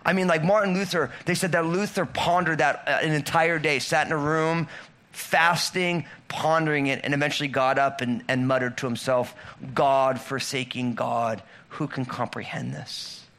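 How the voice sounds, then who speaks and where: A man in his thirties preaching a sermon, conversational, swinging between loud emphatic lines and low quiet ones. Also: steady tone, normal speed. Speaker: pastor.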